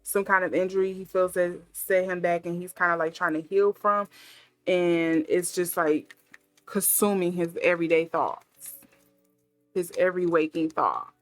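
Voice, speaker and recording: A woman's voice: lowish voice, steady tone, normal speed, dry recording, soft background music. A woman giving a casual intuitive tarot reading, musing aloud with many fillers as she thinks. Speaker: tarot reader.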